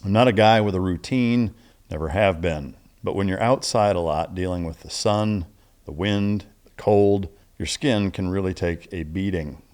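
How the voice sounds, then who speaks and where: A man's voice: sits low, moderate pace, darkish tone. A male podcast host reading a plain, straightforward sponsor ad and asking easygoing interview questions. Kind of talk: interview and ad read.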